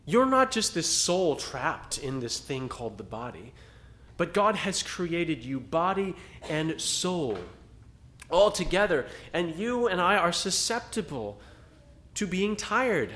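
A man's voice: on the high side, very animated, slow pace, a bit bright. A man preaching a sermon to a small congregation in a conversational style, rising to dramatic emphasis at times. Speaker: pastor.

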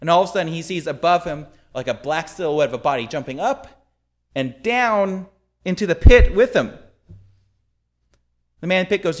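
A man's voice: fairly high pitch, expressive, moderate pace, long pauses. A man preaching a sermon, with emphatic rhetorical questions and storytelling.

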